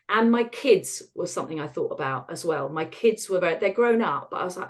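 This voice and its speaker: A woman, a podcast guest talking frankly about hard times, laughing at the dark parts. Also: medium pitch, animated, a little fast, few pauses. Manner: frank and self-deprecating, laughs at dark moments. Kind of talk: candid conversational storytelling.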